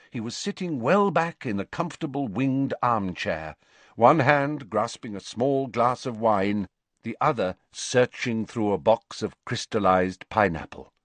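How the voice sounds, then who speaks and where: A male audiobook narrator reads the story in an expressive style, his medium-pitched voice moving through a lively range. The sound is dry and close, with no room around it. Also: no echo. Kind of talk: scripted narration.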